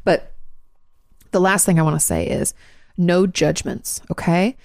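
A woman hosting a show, answering listener questions in a fast, chatty, frank advice talk and swearing now and then. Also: lowish voice, a little mellow, dry recording, clean studio sound.

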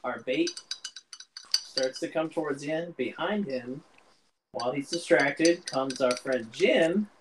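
A man's voice: fairly high pitch, slow, noisy background. A man playing a tabletop game, laying out plans and describing his character's actions. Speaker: player. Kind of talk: casual tabletop role-play.

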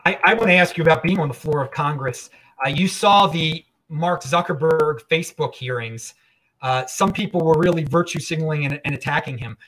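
A man's voice: on the high side, brisk, fairly bright tone, rough recording. A man hosting a casual interview show, asking questions with frequent stumbles and restarts. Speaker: show host.

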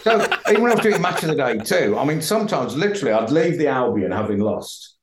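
A middle-aged man tells stories in a casual podcast chat and laughs often along the way. His pitch sits in the middle, and the recording carries a roomy echo. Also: sing-song, fast talker, a little hiss or hum. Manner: chatty, laughs while telling stories. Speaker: podcast guest, broadcaster.

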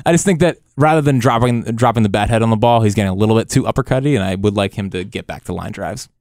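A man's voice: lowish voice, quick pace, a little mellow, dry recording, studio quality. A young man co-hosting a casual sports podcast, talking eagerly and rambling with many restarts. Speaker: podcast co-host.

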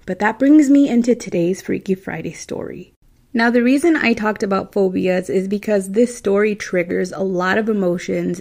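A chatty Midwestern woman hosting a spooky story podcast, her voice mellow and dark with a gravelly fry at the ends of phrases. She talks casually, tossing in asides to her listeners and little laughs. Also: medium pitch. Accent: Midwestern American. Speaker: true-story podcast host.

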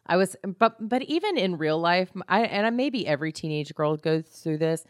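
A woman's voice: fairly low pitch, very animated, moderate pace, clear, resonant tone, no echo, studio quality. A woman co-hosting a podcast, telling long rambling stories in a casual chat. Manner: chatty, rambling storyteller. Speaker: podcast co-host.

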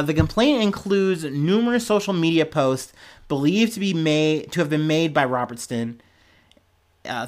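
A young man hosting a podcast, giving casual, profane, sarcastic news commentary and often laughing. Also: a little high. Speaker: podcast host.

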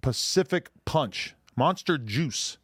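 A man's voice: fairly high pitch, expressive, slow, a bit bright, husky, no room sound, studio quality. A man in his twenties co-hosting a podcast, joking crudely and reading a product label aloud in casual banter. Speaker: podcast co-host.

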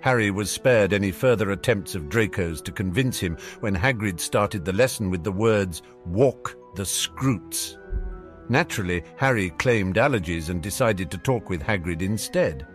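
A man with a fairly low voice reads a fan fiction story aloud in a lively, wry manner. His pitch moves a lot as he narrates, with faint music under him. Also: moderate pace, few pauses. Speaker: audiobook narrator. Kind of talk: audiobook reading of fan fiction.

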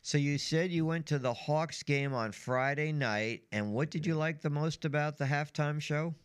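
A man hosting a sports talk show in casual chat, lively and emphatic. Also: on the high side, moderate pace, clean tone.

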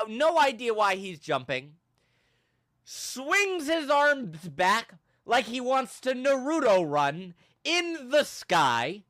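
A young man hosting a podcast, telling a funny story with animated, self-mocking drama and big swings in his voice. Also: extremely high pitch. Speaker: podcast host. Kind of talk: comedic storytelling in casual chat.

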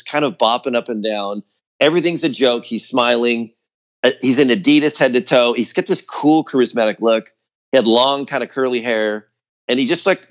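A man telling a story about his old band in casual chat, acting out quotes in a higher voice, with lots of fillers. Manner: loose and chatty, many fillers like "like" and "you know". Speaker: guest musician.

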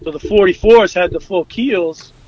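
A man casually telling stories from his time on rescue boats, animated and full of fillers and restarts, acting out what people said. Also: sits high, moderate pace, highs cut off. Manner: animated, acts out quotes, many fillers and restarts. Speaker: guest, former rescue boat crewman. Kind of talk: casual storytelling.

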